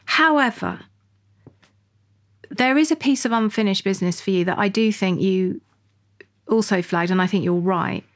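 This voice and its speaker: A woman's voice: mid-range voice, normal speed, pauses often. Direct, probing woman therapist. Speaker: psychologist host. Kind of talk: therapy session conversation.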